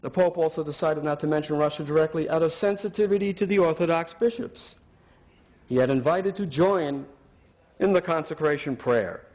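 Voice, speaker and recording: A man's voice: fairly high pitch, normal speed, darkish tone. A man giving an argumentative talk, sarcastic and emphatic as he builds his points. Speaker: speaker.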